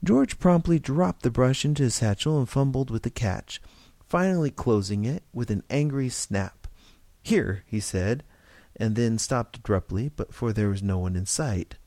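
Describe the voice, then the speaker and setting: Man with a warm, gravelly reading voice. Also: mid-range voice, normal speed, no room sound. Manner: steady, expressive narration with small slips. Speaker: story reader. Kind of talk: reading a story aloud.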